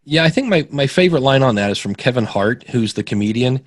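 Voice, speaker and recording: A man's voice: mid-range voice, expressive, fast talker, no room sound. A middle-aged man guesting on a podcast, telling stories casually and acting out the people he quotes with big jumps in his voice. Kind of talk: casual interview storytelling.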